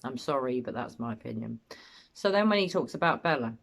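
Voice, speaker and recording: A woman's voice: rumbling low, lively intonation, brisk, creaky. A British woman giving opinionated, blunt analysis as host of a commentary video.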